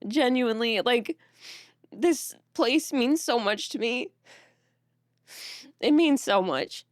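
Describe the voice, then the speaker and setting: A young woman streamer chatting casually with her viewers, teary and close to crying, talking softly with nervous laughs. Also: fairly high pitch, animated, slow pace, dry recording. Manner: soft, thankful, breaking into nervous laughs. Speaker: streamer reading chat. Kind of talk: casual live-stream chat.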